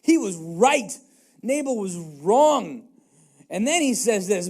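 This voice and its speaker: A male pastor delivering a casual, joking sermon, his fairly high voice rambling along with plenty of ums and restarts. He sounds conversational rather than formal. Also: big pitch swings, takes it slowly, darkish tone.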